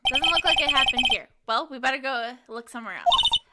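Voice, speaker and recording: A woman's voice: sits high, animated, a little fast, heavy background noise. A woman streamer reading a game's text aloud in a casual way. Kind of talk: casual game narration.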